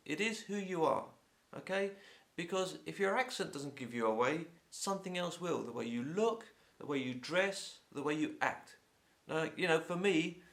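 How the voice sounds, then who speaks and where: A man's voice: fairly high pitch, gravelly. A man from England with a Home Counties accent, an English teacher chatting casually to camera with a sore throat and blocked nose. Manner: chatty, opinionated, lively.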